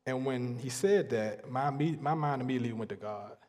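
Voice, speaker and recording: A man preaching a sermon, earnest and emphatic, pausing and repeating phrases to drive points home. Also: mid-range voice, darkish tone. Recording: long hall reverb.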